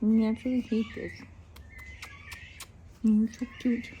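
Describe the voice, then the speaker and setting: A woman's voice: on the high side, little pitch movement, a little slow, dull audio, slight background noise. Chatty woman farm vlogger. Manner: chatty, talks to her animals. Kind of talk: casual farm vlog. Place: outdoors on a farm.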